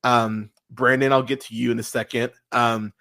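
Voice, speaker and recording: Excitable swearing man on a podcast. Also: mid-range voice, moderate pace, creaky. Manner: animated, swears freely, lots of fillers and restarts. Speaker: podcast host. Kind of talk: casual podcast review chat.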